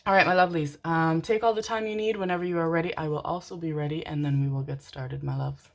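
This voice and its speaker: A woman's voice: deep voice, steady tone, fast talker, creaky, slight background noise. A young adult woman doing a casual tarot card reading to camera, affectionate and gushing, calling listeners her darlings and piling up repeated words.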